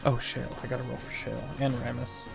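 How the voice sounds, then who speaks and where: A man at a middle pitch running a tabletop role-playing game as its game master. He narrates grim, eerie scenes in a measured way and slows down to let the details land. Faint music plays behind him. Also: completely flat delivery, gravelly. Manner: slows down for eerie, drawn-out description.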